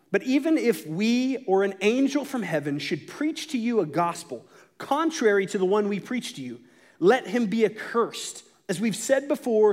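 A young man preaching a sermon in a lively, conversational way, with bursts of dramatic emphasis. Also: high voice. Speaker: pastor.

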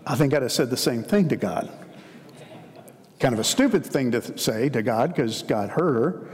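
Pastor guy preaching, chatty storytelling, mid pitch, long echo off a big hall. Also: animated, measured pace. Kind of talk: sermon.

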